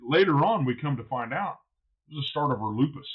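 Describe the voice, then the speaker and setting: A man who is a barbecue pitmaster, guesting on a podcast and telling stories in a blunt, animated way, swearing freely. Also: on the high side, fast talker, slightly rough, narrow, tinny audio. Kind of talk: casual podcast storytelling.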